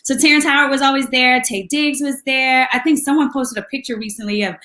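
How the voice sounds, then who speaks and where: A woman guest telling lively anecdotes in a casual chat, laughing often and mimicking voices. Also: sits high, fairly quick, reverberant. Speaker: guest musician.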